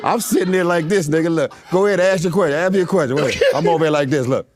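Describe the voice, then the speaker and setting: A man's voice: a little high, fast, very noisy. A man guesting on a talk show, telling comic stories with lots of laughter and teasing, heard in a played-back clip. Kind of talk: comic storytelling.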